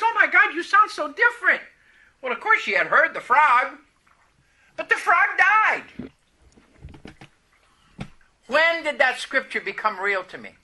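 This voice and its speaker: A man preaching a sermon, telling a personal story with animated, emphatic declarations. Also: very high voice.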